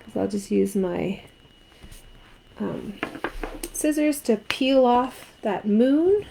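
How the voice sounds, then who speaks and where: A woman's voice: a little high, animated, takes it slowly, gravelly, noisy background. A woman from Canada teaching a card-making craft tutorial, chatting and asking viewers what they think. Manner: chatty, asks viewers questions.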